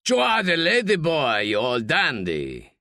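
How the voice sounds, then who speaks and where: A man's voice: fairly high pitch, wildly swooping pitch, a little slow, pushed and bright, dry recording, studio quality, exaggerated voice. A man voicing a boisterous, mocking middle-aged villager in a bar, raised and scornful.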